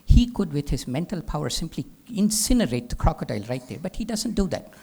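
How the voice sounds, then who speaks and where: A man giving a spiritual talk as a teacher, telling a legend as an animated storyteller who drops into hushed whispers. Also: a little high, a little fast, creaky, breathy edge. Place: live talk venue.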